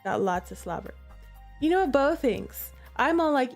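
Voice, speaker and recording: A woman's voice: high-pitched, animated, moderate pace, gravelly, soft background music. A woman streamer in casual chat at home, playful and giggly as she chats with her pets and coaxes them. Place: room at home.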